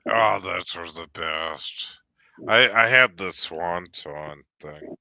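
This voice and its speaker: Slow, low-voiced rambling man. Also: pushed and bright, dry recording. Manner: rambling storyteller with many fillers and restarts. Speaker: live stream panelist. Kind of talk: casual chat.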